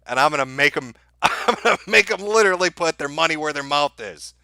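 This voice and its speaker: A man's voice: a little high, lively intonation, fairly quick, gravelly, bright, forceful tone, no echo, clean studio sound. A man hosting a livestream, ranting sarcastically and profanely and laughing at his own jokes as he reads viewer super chats. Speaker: livestream host.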